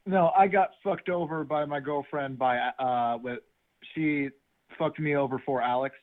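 Man, eager caller, chatty, slightly high voice, tinny phone line. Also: measured pace. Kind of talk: phone call-in story.

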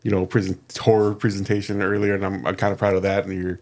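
A man's voice: low-pitched, flat delivery, fast, a little mellow. A man hosting and editing a podcast, talking in a casual, earnest and modest way. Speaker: podcast host and editor. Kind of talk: casual chat.

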